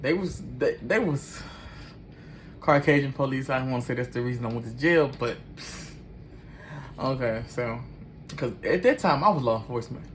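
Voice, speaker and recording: Animated man telling a wild story. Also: mid-range voice, moderate pace, a little hiss or hum. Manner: animated, acts out every line of dialogue; slangy, loose street talk. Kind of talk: casual personal storytelling.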